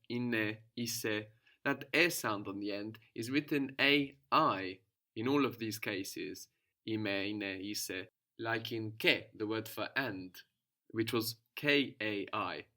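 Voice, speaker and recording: A man's voice: fairly low pitch, unhurried, sharp tone. A man teaching a language lesson, patiently explaining and prompting his student.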